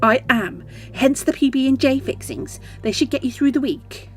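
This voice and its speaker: A woman's voice: sits high, moderate pace, faint music behind, voice pushed up, close to an everyday voice. A woman voicing a brusque, resentful young woman showing her cousin around an old house in a horror game. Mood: curt. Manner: brusque and impatient.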